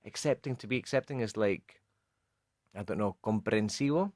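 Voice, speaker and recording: Scottish man explaining English phrases slowly. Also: on the low side, darkish tone, no echo, clean studio sound. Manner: patient, explains slowly with examples, mixes in Spanish. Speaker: radio co-host teaching English. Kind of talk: explaining English expressions on a radio show.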